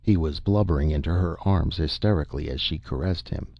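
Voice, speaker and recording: Deep gravelly male narrator. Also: a little fast, no echo. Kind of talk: audiobook narration. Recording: dull lo-fi dry recording.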